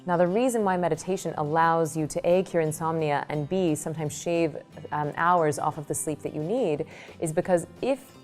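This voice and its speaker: A woman meditation teacher answering interview questions, telling lively examples with quick asides. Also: sits low.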